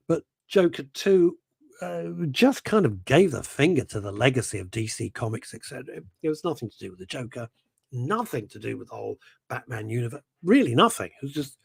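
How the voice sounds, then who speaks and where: A man's voice: medium pitch, sing-song, fairly quick, creaky, slightly rough, no room sound, studio quality. A middle-aged man hosting a radio show, chatting casually in a rambling, self-interrupting way and reading out listener messages.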